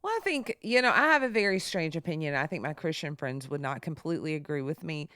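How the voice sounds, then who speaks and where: A woman with a fairly low voice telling stories on a podcast. Her pitch swings widely, and it leaps up whenever she acts out what someone else said. The recording is dry and close. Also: fast, no room sound. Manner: animated, jumps high when quoting others. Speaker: podcast co-host. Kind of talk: casual storytelling chat.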